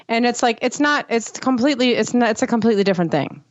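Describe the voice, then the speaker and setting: A woman co-hosting a podcast in casual chat, talking with frequent restarts and lively quoting. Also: fairly high pitch, quick pace, no room sound, muffled recording. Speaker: podcast co-host.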